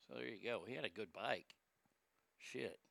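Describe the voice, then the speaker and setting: A man's voice: lowish voice, moderate pace, gravelly, pushed and bright, no echo. A man giving a casual commentary vlog in a sarcastic, profane, mocking manner.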